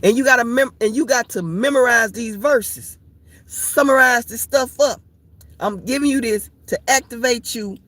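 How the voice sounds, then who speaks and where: A woman's voice: on the high side, normal speed, a bit bright, no echo. A woman leading an informal Bible study, repetitive and playful, laughing often as she preaches.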